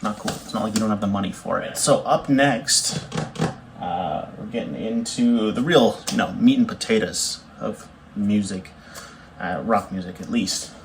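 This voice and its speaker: A young man, a bassist chatting casually to camera in a rambling, easygoing way with fillers and self-corrections. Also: normal speed, gravelly, background noise. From Canada. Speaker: bassist showing his record collection.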